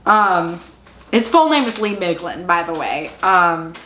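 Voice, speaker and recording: A woman's voice: fairly low pitch, expressive, a little slow, pushed and bright, reverberant, slight background noise. A woman casually recapping and reviewing a TV series, chatty and full of "like," and openly invested in the story. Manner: chatty, fills speech with "like"; emotionally invested, exclaiming. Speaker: TV show reviewer.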